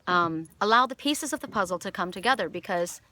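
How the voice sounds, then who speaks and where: A woman from Canada giving an oracle card reading outdoors by the water, telling a story in a rambling, animated way with many restarts. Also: mid-range voice, brisk. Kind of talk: casual spiritual message. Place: outdoors by water with jumping fish.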